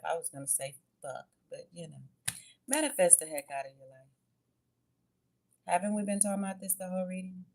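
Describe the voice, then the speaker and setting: A woman's voice: on the low side, a little fast, gravelly, long pauses, warm tone. A woman giving a casual tarot and oracle card reading to her viewers, chatty and blunt, swearing freely and calling them babies and y'all.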